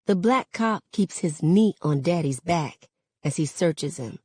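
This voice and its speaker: Slow low-voiced woman reading a novel aloud. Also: animated, dark tone, breathy edge, no room sound. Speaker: reader.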